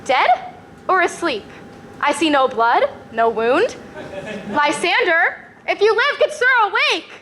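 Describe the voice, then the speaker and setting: A woman's voice: very high voice, big pitch swings, slow pace, a bit bright, a little hiss or hum, exaggerated voice. A young woman playing a lovesick, spurned maiden in a school stage play, pleading breathlessly in verse. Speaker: student actor.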